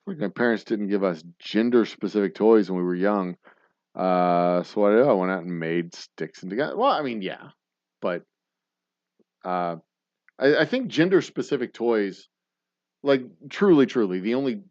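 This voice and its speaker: A man's voice: medium pitch, no echo. A man in his forties hosting a casual chat show, rambling and swearing, with lots of restarts. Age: 40s. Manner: rambling and profane, many restarts. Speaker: podcast host. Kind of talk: casual chat with live viewers. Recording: dull dry lo-fi sound.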